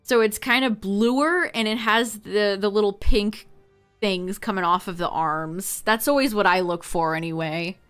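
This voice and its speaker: Slow-talking chatty woman streamer. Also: medium pitch, fairly bright tone, clear, resonant tone, soft background music. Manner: chatty, laughs often, talks to chat. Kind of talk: casual live-stream chat.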